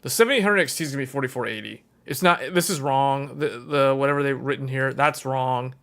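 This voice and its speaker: A man's voice: mid-range voice, brisk, gravelly, a bit bright. A man hosting a tech livestream, casually thinking aloud and correcting himself as he goes.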